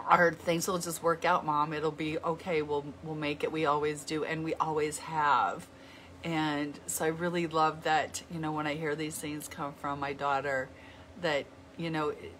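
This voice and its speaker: A middle-aged woman talking to her viewers in an earnest, heartfelt way, often halting and restarting her sentences. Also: fairly low pitch, a bit bright, slight background noise. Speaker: vlogger. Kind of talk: heartfelt casual talk to viewers.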